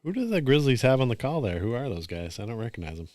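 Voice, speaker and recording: A man's voice: medium pitch, fast talker, dry recording, clean studio sound. A man co-hosting a basketball podcast, making wry, laid-back remarks while watching a live game. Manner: laid-back, wry, lively ups and downs. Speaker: podcast co-host. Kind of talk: casual live watch-along chat.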